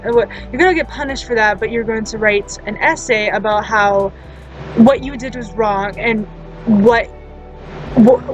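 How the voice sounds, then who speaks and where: A woman vlogger with a fairly high voice rambles through a storytime video, blunt and quick to curse. She laughs often and restarts her sentences mid-thought. Faint music plays under her talk. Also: rough recording. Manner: loose, chatty delivery with many fillers and restarts. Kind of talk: casual storytime vlog.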